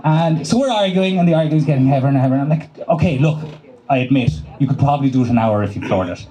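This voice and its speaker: A man's voice: medium pitch, warm tone, poor audio. An Irish comedian in his young adult years telling a loose, swearing stand-up story at an open mic. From Ireland. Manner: loose, swearing storytelling with quick voiced asides. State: dry throat. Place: small cafe at an open mic. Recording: live room with crowd. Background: crowd laughing.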